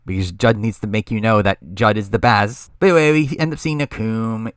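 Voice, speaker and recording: A man's voice: fairly low pitch, fairly quick, hardly any pauses, fairly bright tone, dry recording, studio quality. A young man reviewing a reality show alone, rambling and leaning on "again" and "obviously" as he recaps. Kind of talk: solo recap commentary.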